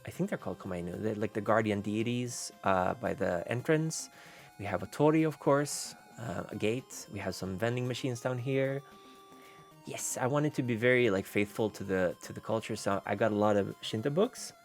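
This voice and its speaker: A man's voice: fairly low pitch, lively intonation, normal speed, creaky, faint music behind. A man streaming as a VTuber, chatting casually and rambling, with many fillers and restarts. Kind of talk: casual livestream chat.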